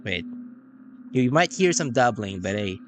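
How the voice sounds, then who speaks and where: A man's voice: fairly low pitch, sing-song, measured pace. A man streaming a game, chatting playfully and rambling in a self-mocking way. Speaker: VTuber streamer. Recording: game music playing behind.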